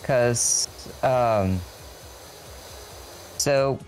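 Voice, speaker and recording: A woman's voice: very deep voice, very slow, darkish tone, soft background music. A matter-of-fact woman with a Southern American accent and slight trouble with her R sounds, chatting casually. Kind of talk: casual chat.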